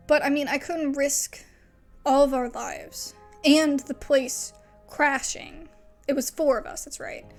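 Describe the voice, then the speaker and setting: A woman's voice: high voice, vocal fry. A young woman casually commenting on a story game as she plays, thinking aloud and often second-guessing herself. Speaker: gamer playing a story game.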